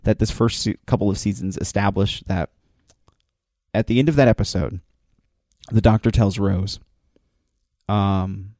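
Host, male, lowish mellow voice, dry close sound, excitable storyteller who rambles and restarts. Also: a little slow, no room sound. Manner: enthusiastic storyteller, acts out quoted lines. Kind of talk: casual recap of a TV episode.

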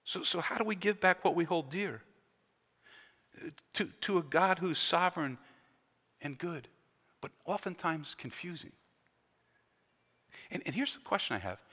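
Emphatic pastor, bright voice, echoing hall. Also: male voice, fairly high pitch, expressive, unhurried, long pauses. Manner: emphatic, rising and falling delivery with repeated phrases. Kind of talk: sermon. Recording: long hall reverb.

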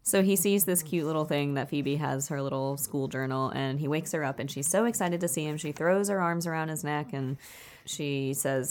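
A woman's voice: low-pitched, a little fast. A woman podcast co-host chattily retelling a novel's plot. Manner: chatty storytelling, acts out quotes. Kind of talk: casual book recap.

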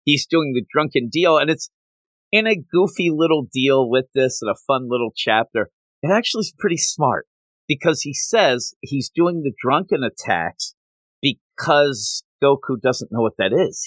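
A man co-hosting a casual podcast chat, animated and quick to act out lines from the story. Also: medium pitch, no room sound. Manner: animated, acts out quoted characters in passing. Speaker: podcast co-host.

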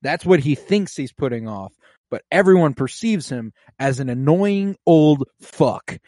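A man co-hosting a casual podcast, recapping a TV episode in a profane, animated way and breaking into quick impressions of the characters. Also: on the high side, no room sound, clean studio sound. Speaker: podcast co-host. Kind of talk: casual rewatch podcast chat.

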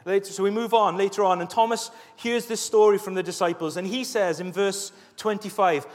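A man preaching a sermon as a pastor, telling Bible stories in a lively way and acting out the scenes. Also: high voice, brisk, few pauses. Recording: echoey hall reverb.

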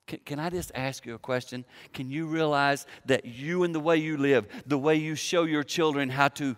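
A man preaching a sermon in a somewhat high voice, talking to the congregation like a friend and acting out what each person said. His voice rings out with a long reverb, as in a large hall. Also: normal speed. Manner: conversational, acts out quoted dialogue. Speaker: pastor.

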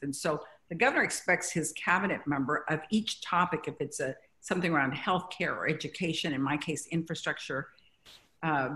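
A middle-aged woman from Mexico, a guest in an interview, telling stories with halting restarts. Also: low voice. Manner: warm storytelling, grows emotional, halting restarts. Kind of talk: conversational interview.

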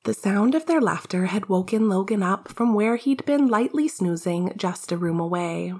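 Woman, fan fiction narration, wry and casual, breathy tone. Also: mid-range voice, expressive, normal speed, darkish tone. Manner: wry, casual, swears freely. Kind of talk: fan fiction audiobook reading.

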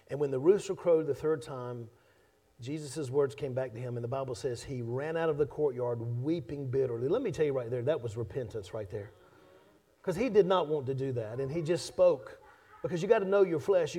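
A man preaching a sermon as pastor, emphatic and conversational, swinging between loud and soft, joking with his congregation. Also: sits high, breathy edge. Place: church sanctuary.

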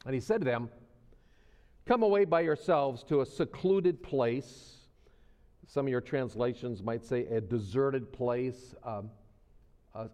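Folksy pastor preaching in a reverberant hall. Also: male voice, medium pitch, a little mellow. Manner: folksy, conversational preaching with repetition for emphasis. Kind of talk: sermon. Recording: long reverb of a church hall.

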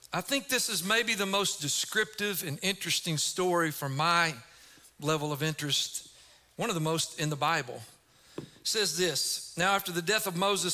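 A middle-aged male pastor preaches an energetic sermon in a high, bright voice that climbs into emphatic shouts as he drives his points home.

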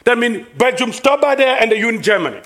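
A man with a French-speaking Congolese accent delivers a sermon in a high, bright-pitched voice. He preaches emphatically, building with repeated phrases into excited preaching. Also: a little fast. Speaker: pastor.

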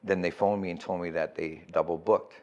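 A man's voice: low voice, fairly even intonation, fairly quick, a little mellow, highs cut off. A middle-aged man telling his recovery story as a guest, candid and profane, often checking in with "right?".

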